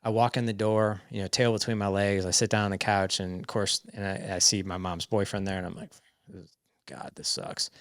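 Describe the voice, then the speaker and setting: Male podcast guest, forties, lower voice, frank storyteller, dry close recording. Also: flat delivery, fairly quick, hardly any pauses, no echo. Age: 40s. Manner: frank, acts out quoted dialogue. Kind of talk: candid personal storytelling.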